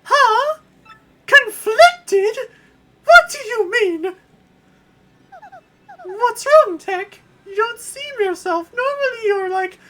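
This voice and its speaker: A man voicing a prim, easily annoyed princess in a high, theatrical falsetto while playing a game. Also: animated, very slow, long pauses, pushed and bright, heavily acted. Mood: puzzled. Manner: shrill, theatrical, indignant. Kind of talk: let's play voice acting.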